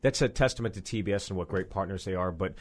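A man's voice: sits low, fast. A comedian guest in his thirties, casually telling stories and acting out quotes with a raised voice. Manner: animated, acts out quotes with a raised voice, laughs often. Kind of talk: casual storytelling.

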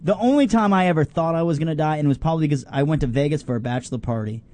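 A man, a podcast co-host, telling an excitable story in casual chat, laughing and shouting out the punchlines. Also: on the high side, rapid-fire. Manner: excitable, laughing storyteller who yells out acted quotes.

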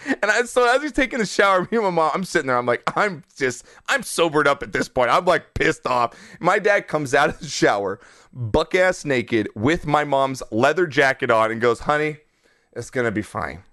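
A young man in his twenties hosting a podcast, telling a story in an animated, profane, laughing way. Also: a little high, normal speed, no room sound, studio quality. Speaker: podcast host. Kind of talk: casual storytelling.

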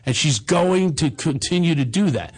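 A man's voice: a little high, animated, moderate pace, vocal fry, slightly rough. A middle-aged man hosting a comedy show, telling rambling, self-deprecating personal stories in a bombastic, casual way. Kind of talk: casual chat and personal storytelling.

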